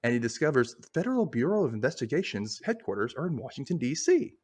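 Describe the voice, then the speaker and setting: A man's voice: medium pitch, fast, breathy edge. A man hosting a casual podcast, retelling scenes and acting out the characters' lines. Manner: animated retelling, acts out lines. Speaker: podcast host. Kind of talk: casual recap chat.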